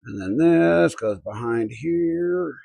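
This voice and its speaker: A man's voice: on the high side, expressive, takes it slowly, vocal fry, dark tone, dry recording. A middle-aged man from Colorado hosting a casual live stream, talking to himself and his chat while he works. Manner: muttering to himself, reading chat aloud. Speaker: livestream host.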